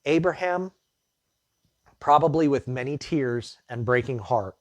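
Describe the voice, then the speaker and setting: A man's voice: mid-range voice, unhurried, no room sound. Conversational male pastor retelling scripture. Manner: retells the scripture story in plain conversational words, with asides. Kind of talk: sermon teaching through a Bible passage.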